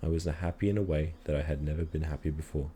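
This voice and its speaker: A man calmly reading a children's story aloud in a measured storytelling manner. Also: a bass voice, slight background noise. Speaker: reader.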